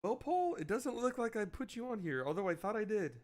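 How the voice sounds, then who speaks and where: A man hosting a casual online mock draft, trading mumbled asides with loud mock-announcer calls. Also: sits high, sing-song, fairly quick. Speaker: host running a community mock draft. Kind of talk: casual livestream chat with mock announcer bits.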